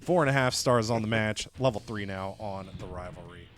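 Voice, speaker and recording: A man's voice: lowish voice, normal speed. A young man narrating a wrestling game recap as a let's-play host, storytelling casually and swearing now and then. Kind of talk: animated game recap with put-on voices.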